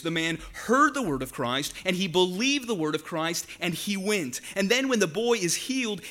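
A man preaching a sermon to his congregation, earnest and emphatic, slowing down and dropping his voice on the words he wants to stress. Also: on the high side. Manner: earnest, emphatic, slows and drops to a hush for key words. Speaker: pastor.

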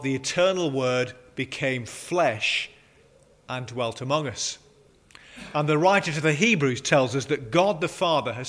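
A man preaching, opening with a prayer and reading a story aloud, slowing down on key words. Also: medium pitch, fairly bright tone. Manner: measured, slows on key words.

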